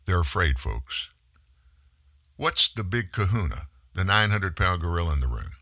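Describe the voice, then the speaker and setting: A man's voice: low voice, big pitch swings, normal speed, bright, forceful tone, no room sound, clean studio sound. A man giving a political commentary monologue, emphatic and sarcastic, full of rhetorical questions.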